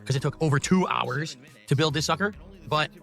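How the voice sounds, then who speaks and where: A man speaks quickly and earnestly, repeating himself as he pours out sentimental thanks to his viewers. His voice sits a bit high, and faint music plays underneath. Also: creaky, a bit bright. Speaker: streamer on his birthday. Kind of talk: emotional on-stream monologue.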